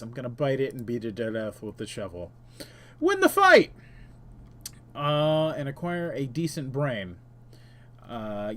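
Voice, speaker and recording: A man with a fairly high voice talks through a computer game in a relaxed, offhand way. He reads the game's text aloud and chats to himself between moves, with plenty of "uh"s and quick self-corrections. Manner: frequent filler "uh" and self-corrections. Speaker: game streamer. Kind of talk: casual let's-play commentary.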